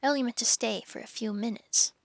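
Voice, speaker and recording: A woman's voice: fairly high pitch, brisk, vocal fry, no room sound. A woman voicing an earnest, worried young girl who pleads and insists in a raised voice.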